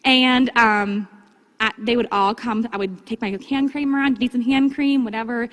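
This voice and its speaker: A woman giving a casual, upbeat training talk to her sales team, breaking into livelier, higher tones when she acts out chats with customers. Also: steady tone, normal speed, a bit bright. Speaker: direct sales consultant giving vendor training. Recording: long hall reverb.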